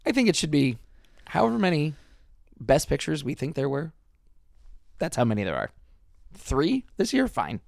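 A man's voice: a little high, wildly swooping pitch, normal speed, vocal fry, long pauses, a little mellow, no echo, clean studio sound. A man co-hosting a podcast, chatting casually in rambling, enthusiastic bursts and often restarting his sentences. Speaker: podcast co-host. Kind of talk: casual chat.

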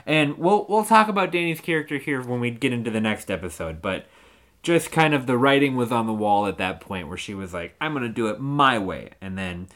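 A young man co-hosting a chatty podcast, retelling scenes and slipping into quick voices for the characters. He swears freely and sounds genuinely caught up in it. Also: mid-range voice, expressive, a bit bright. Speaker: podcast co-host. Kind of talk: casual chat recapping a TV show.

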